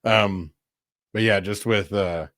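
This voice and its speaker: Chatty man with a lowish voice. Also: steady tone, takes it slowly, a bit bright, dry recording, clean studio sound. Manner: chatty, laughs often, many fillers. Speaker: podcast co-host. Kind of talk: casual religious conversation.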